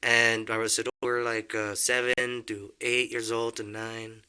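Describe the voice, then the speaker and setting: A man's voice: mid-range voice, level tone, unhurried, bright, forceful tone, clean tone. A young man telling a story in casual conversation, acting out quotes and laughing often. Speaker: podcast guest.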